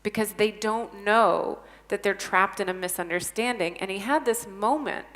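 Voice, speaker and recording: A woman's voice: mid-range voice, moderate pace, a bit bright. A woman telling a story at a conference panel, earnest and enthusiastic, with emphatic stresses. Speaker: conference speaker. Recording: long reverb of a conference hall.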